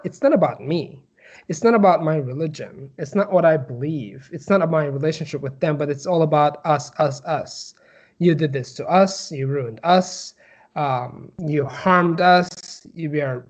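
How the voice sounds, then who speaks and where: A young man from Turkey with a Turkish accent, telling his personal story as an interview guest, halting with many fillers and restarts. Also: a little high, highs cut off.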